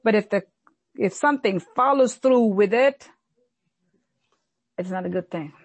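A woman pastor delivering an earnest sermon, slowing down and repeating lines for emphasis. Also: mid-range voice, breathy edge, no echo. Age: adult, recalls childhood many years ago.

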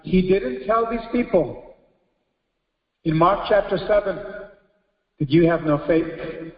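A pastor preaching a sermon with emphasis, breaking into exclamations of praise. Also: male voice, sits high. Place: church hall. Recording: echoey hall, dull lo-fi audio.

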